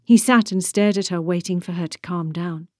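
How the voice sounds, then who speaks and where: A woman narrating a novel in a measured, steady way. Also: on the low side, no echo, clean studio sound. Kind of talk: audiobook narration.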